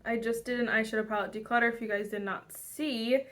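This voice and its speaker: Bright chatty young woman vlogger. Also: a little high, flat delivery, fast. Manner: rambling, chatty, many fillers and restarts. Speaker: beauty vlogger. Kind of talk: casual makeup tutorial chat.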